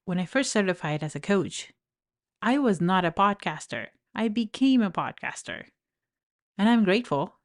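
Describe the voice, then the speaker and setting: A woman's voice: medium pitch, lively intonation, normal speed. A woman with an accent hosting a podcast, speaking earnestly and encouragingly as a life coach, telling personal stories while standing at a studio mic in her office. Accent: non-native English accent. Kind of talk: reflective podcast monologue. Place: home office.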